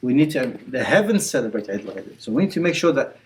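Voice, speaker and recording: A man's voice: mid-range voice, very animated, fast, slight background noise, poor audio. A man teaching a religious class in an indoor community centre. He tells the story casually, with many fillers, and drops in Arabic words. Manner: retells scenes with quotes and frequent fillers; code-switches with Arabic words.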